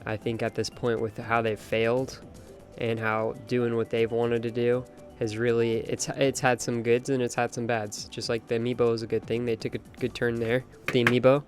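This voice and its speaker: A man's voice: mid-range voice, level tone, brisk. A young man hosting a late-night game stream, chatting casually with an opinionated, talkative manner and reading out chat. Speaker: live-stream host. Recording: faint music behind voice.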